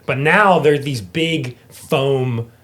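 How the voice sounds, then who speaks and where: Animated man telling a story. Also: mid-range voice, drawn-out words. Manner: animated, swears often, acts out quoted dialogue. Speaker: guest actor. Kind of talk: casual storytelling chat.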